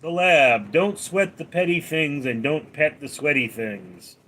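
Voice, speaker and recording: A man's voice: fairly high pitch, animated, unhurried, sharp tone, a little hiss or hum. A man hosting a casual live stream, reading viewers' names and questions aloud and answering them in a dry, offhand way.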